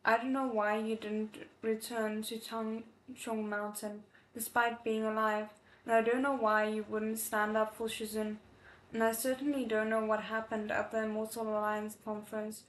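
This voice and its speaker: Woman reading a young girl disciple, firm and steady, scolding, flat even delivery, echoey room. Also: a little high, lightly acted.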